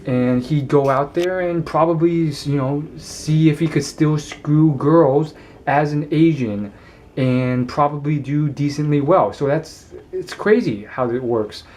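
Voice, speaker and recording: A man's voice: on the high side, a little slow, mellow. A man vlogging, talking to camera in a casual, rambling way with many hesitations and fillers. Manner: rambling, hesitant, lots of ums.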